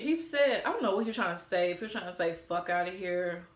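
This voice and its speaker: Young woman telling a story, cussing a lot, sharp bright voice, echoey room. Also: medium pitch, expressive, quick pace. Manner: blunt and heavily profane. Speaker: storytime vlogger. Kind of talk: casual storytelling, reading out old texts.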